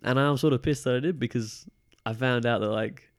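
A man's voice: medium pitch, a little fast, no echo, studio quality. A young man from the UK with an accent between British and Australian, chatting casually as a podcast guest with lots of fillers. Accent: mix of British and Australian. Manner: relaxed, rambling, many fillers. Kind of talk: casual chat.

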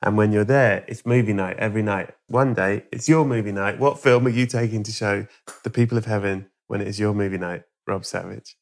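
A man's voice: fairly low pitch, fairly even intonation, brisk, gravelly. A man hosting a podcast, spinning a comic story in a playful, swearing, chatty way. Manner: playful, swearing, acts out voices. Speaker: podcast host.

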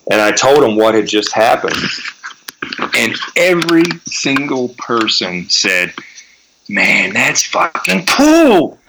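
A man in his forties, a guest in a casual interview, telling animated road stories and swearing freely. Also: on the low side, background noise. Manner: animated storyteller, swears freely, acts out quotes.

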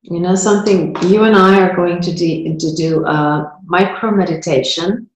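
A middle-aged woman speaking gently and reflectively as an interview guest, at times guiding a slow meditation. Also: on the low side. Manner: calm, gentle, slow-spoken. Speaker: guest, spiritual writer and speaker. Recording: roomy echo.

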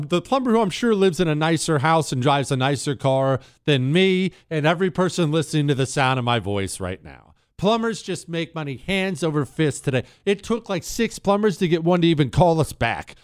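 A man's voice: a little high, animated, fairly quick, clear, resonant tone, dry recording. A man hosting a talk show, ranting sarcastically in a casual monologue into a studio microphone. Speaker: radio talk show host.

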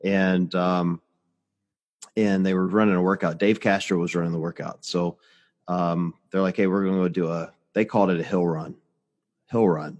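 A man's voice: low voice, fairly even intonation, normal speed, a little mellow, in a large hall. A man in his forties, a podcast host telling stories in casual chat, blunt and swearing freely. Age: 40s.

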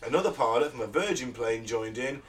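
A man's voice: medium pitch, expressive, a little fast, fairly bright tone. Dry sarcastic British man, distant mic. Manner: dry, sarcastic, laughs often. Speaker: podcast co-host. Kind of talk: casual chat, reading news aloud.

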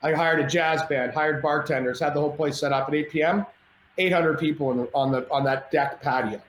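A man telling a wild party story as a podcast guest, animated and profane, often restarting his sentences, at home. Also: a little high, fairly quick. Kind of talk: casual storytelling. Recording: echoey room with faint background noise.

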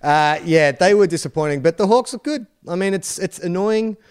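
A man co-hosting a casual sports podcast, chatty and animated, quick to laugh. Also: high-pitched, clear, resonant tone. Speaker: podcast co-host.

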